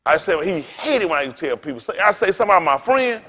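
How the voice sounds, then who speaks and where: A man preaching a sermon as pastor, in a casual style with big swings in pitch and loudness and direct asides to the congregation. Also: sing-song, fast, few pauses.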